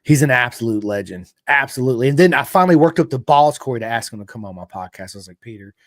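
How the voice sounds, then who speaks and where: A man with a Southern American country accent hosting a podcast, telling stories in an animated, casual way. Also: mid-range voice, fast talker, no echo, clean studio sound. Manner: animated storyteller, says dude and bro a lot. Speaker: podcast host. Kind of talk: casual chat.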